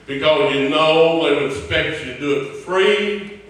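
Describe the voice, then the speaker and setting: A man's voice: a little high, normal speed, a bit bright. An older man preaching a folksy sermon, mimicking complainers' voices and chuckling between points. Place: church sanctuary. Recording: echoey church from far off.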